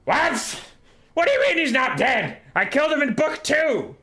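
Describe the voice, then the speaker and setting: A man voicing a furious, short-tempered ratman warlord who screeches and shouts. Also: a little high, big pitch swings, measured pace, creaky, voice pushed up, exaggerated voice.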